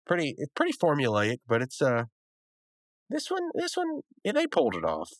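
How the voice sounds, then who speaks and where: A man's voice: a little high, huge pitch swings, moderate pace, no room sound, clean studio sound. A man hosting a podcast, giving a rambling, casual recap and review of a cartoon episode, with lots of fillers and restarts. He sounds a bit sick.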